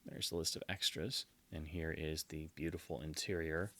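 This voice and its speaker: A man giving casual unboxing commentary as a collector, enthusiastic and quick to heap on superlatives. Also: rumbling low, fairly even intonation, sharp tone. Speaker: collector presenting his purchases.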